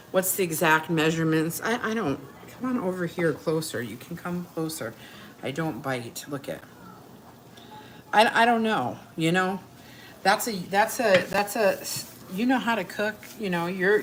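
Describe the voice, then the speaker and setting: A lowish-voiced woman jokes brashly with her viewers during a live cooking stream from her home kitchen, keeping up a chatty demo. There's a faint hiss or hum on the track.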